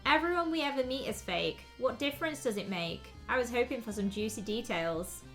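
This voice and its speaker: A woman's voice: fairly high pitch, expressive, fairly quick, fairly bright tone, faint music behind. A woman voicing a sarcastic, blunt best friend from a story game. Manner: dry and sarcastic.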